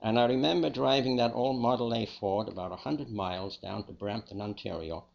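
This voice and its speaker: An older man with a Liverpool accent, telling his own life story as a testimony in a plain, unhurried, reflective way. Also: fairly low pitch, creaky, highs cut off. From England. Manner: plain, unhurried, with small restarts. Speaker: speaker giving a personal testimony.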